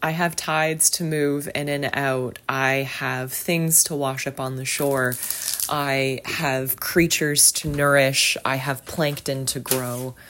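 A woman voicing the sea as a busy, brisk figure that speaks in a matter-of-fact way. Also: a bass voice, steady tone, a bit bright, slight background noise, full character voice.

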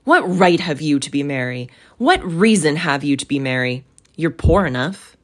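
A bitter old miser, voiced by a woman reading a storybook, speaks in a low, slow voice. He hammers his words with loud indignation. The scorn never leaves his tone. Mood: scornful.

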